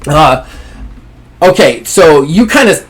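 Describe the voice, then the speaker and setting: Relaxed male game master. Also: on the high side. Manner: relaxed, halting with fillers. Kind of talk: narrating a tabletop game.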